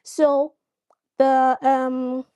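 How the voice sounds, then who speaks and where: A woman's voice: high voice, monotone, extremely slow, mellow. A woman hosting a live stream, chatting with viewers, greeting them by name and explaining her points through examples. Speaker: live-stream host giving parenting advice. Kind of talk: casual live-stream talk.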